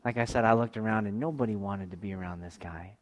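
A man in his thirties preaching a sermon, earnest and personal, rising loud on key words and dropping to a hush. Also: lowish voice, fast, dull audio. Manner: earnest, swells louder on emphasis and drops to a hush. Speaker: pastor.

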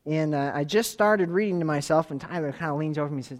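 A man with a high-pitched voice preaching a sermon. He speaks emphatically, pressing his listeners with direct questions. He swings from loud, urgent exhortation to soft, close asides. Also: quick pace. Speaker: pastor.

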